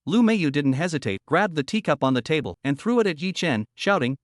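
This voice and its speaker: Lively male recap narrator. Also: a little high, brisk, no room sound, clean studio sound. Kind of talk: scripted narration.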